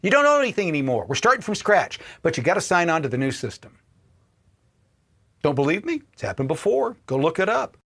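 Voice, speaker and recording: Heated ranting man, lively pitch. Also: brisk. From Indiana, US. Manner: heated, profane, swings between shouting and muttering. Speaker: political commentary host. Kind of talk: ranting livestream commentary.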